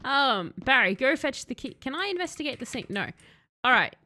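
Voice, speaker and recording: Woman, young adult, high voice, bright tone, casual game commentary, sarcastic asides. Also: very animated, normal speed. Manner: chatty, sarcastic, talks to the game character and chat. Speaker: streamer. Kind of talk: casual let's-play commentary.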